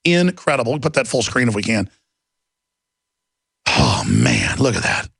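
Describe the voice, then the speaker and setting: Male radio host, gravelly, emphatic rambling monologue, dry close mic. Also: mid-range voice, expressive, quick pace, fairly bright tone, no echo. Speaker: radio talk show host. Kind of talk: ranting monologue. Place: radio studio.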